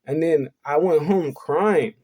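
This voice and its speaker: A man's voice: fairly high pitch, takes it slowly, darkish tone, breathy edge. A young man telling a personal story in an earnest, confessional way, rambling and repeating himself. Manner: rambling, repeats "you know what I'm saying". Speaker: vlogger.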